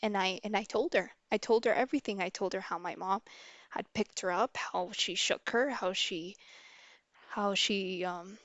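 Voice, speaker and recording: Young woman streamer with a candid, halting delivery and a dry close-miked sound. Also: mid-range voice, a bit bright, no echo, highs cut off. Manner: candid and halting, with many restarts. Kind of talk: casual personal storytelling.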